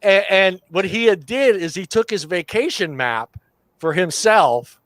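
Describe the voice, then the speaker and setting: A man hosting a casual online talk show, chatty and quick to laugh. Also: high voice, expressive, fairly bright tone, dry recording. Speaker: podcast host. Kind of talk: casual chat.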